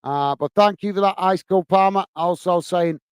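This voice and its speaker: A man from the UK hosts a football fan live stream in an easygoing, chatty way. He calls everyone "mate" and fills his pauses with "uh". His voice sits a little high and comes through smooth and clear in a dry, close room. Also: no echo. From United Kingdom. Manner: chatty, says "mate" a lot, many fillers. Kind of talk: casual live chat reading comments and scores.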